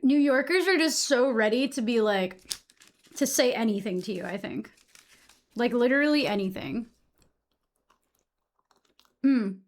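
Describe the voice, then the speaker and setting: Young woman streamer with a high voice, from Massachusetts; loose, chatty, swears freely while answering her chat. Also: a little slow, long pauses. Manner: chatty, swears casually, reacts to chat messages.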